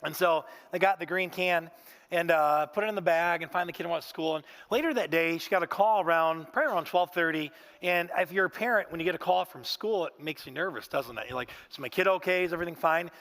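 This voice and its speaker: A man's voice: fairly high pitch, fast, a bit bright. A man preaching a sermon in a church, telling stories in a folksy way and often saying "man". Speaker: pastor. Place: church sanctuary.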